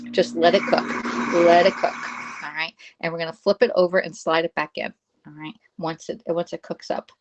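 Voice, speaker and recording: This cooking livestream host, a Pennsylvania woman in her 50s with a Southern US accent, speaks in a lowish, flat voice at a moderate pace while chatting to viewers and narrating each step in her home kitchen. The recording has its highs cut off.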